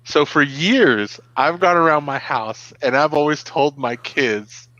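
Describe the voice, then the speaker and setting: A man's voice: on the high side, expressive, unhurried, a bit bright, no room sound, highs cut off. A middle-aged man co-hosting a live web show, chatting casually and acting out what his kids say. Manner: storytelling, acts out quotes from his kids. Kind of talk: casual live-stream chat.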